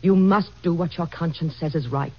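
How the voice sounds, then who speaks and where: A woman's voice: fairly low pitch, normal speed, slightly rough. A woman playing an earnest, persuasive first lady in a vintage radio drama. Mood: pleading. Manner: earnest, gently insistent. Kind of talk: 1940s radio acting. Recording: dull old radio recording.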